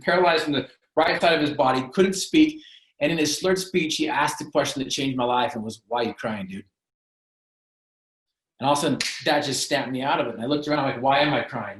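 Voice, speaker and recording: A man's voice: on the high side, a bit bright. A man as a podcast guest, telling his own story in an earnest, emphatic, motivational way with punchy alliterative phrasing. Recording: roomy echo.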